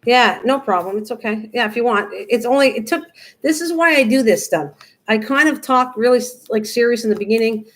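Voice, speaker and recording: A woman's voice: fairly high pitch, low-quality recording. An older woman hosting a live crafting stream, chatting casually, rambling and answering viewers as she works. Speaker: crafting livestream host.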